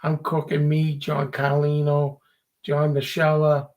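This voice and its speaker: A man's voice: fairly high pitch, monotone, takes it slowly, darkish tone. A man from Revere, a guest telling stories in casual chat and acting out the people he quotes. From Revere, Massachusetts. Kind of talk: casual storytelling.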